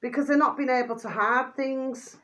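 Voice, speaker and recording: A woman's voice: fairly even intonation, fairly bright tone. Woman, chatty rambling commentator who keeps checking in with her viewers. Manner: rambling, full of fillers and repeated tag questions; drops pet phrase "my delicious babies" in a quick low aside. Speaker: vlogger commenting on videos.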